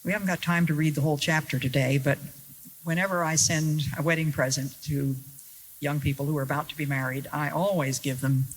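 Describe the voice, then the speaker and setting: A woman preaching a sermon to an audience, earnest and deliberate, with wry rhetorical questions and stressed key words. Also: low voice, steady tone, a little hiss or hum, low-quality recording. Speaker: Christian speaker.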